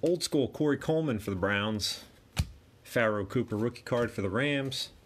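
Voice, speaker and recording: A man's voice: medium pitch, expressive, moderate pace, slight background noise. A man hosting a card break, casually calling out each card and chatting to himself as he opens packs. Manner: rattles off card names, chatty asides to himself. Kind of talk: casual card-opening commentary.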